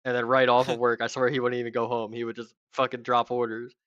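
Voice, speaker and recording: A young man chats loosely while gaming, leaning on fillers and dropping swear words as he goes. His voice has a bright, forward edge. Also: medium pitch, completely flat delivery, fast talker, no room sound, lo-fi sound. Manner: rambling, filler-heavy, swears freely. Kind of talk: casual chat while gaming.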